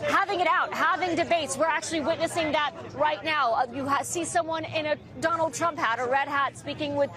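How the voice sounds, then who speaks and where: A female reporter giving a quick, energetic live report from outside by a courthouse park. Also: sits high. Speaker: field reporter. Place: outdoors near a courthouse park. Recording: outdoor live feed with crowd noise.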